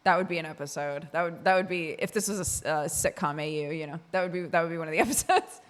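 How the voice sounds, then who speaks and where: A woman from Oregon talking casually on a stream, her voice a little on the low side. She rambles in a loose, chatty way, full of fillers and easy laughter. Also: very fast. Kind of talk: casual chat with chat.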